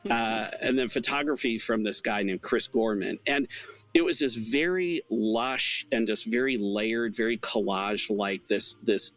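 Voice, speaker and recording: A man in casual podcast chat, talking in a relaxed way and thinking aloud as he goes. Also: fairly low pitch, a little slow.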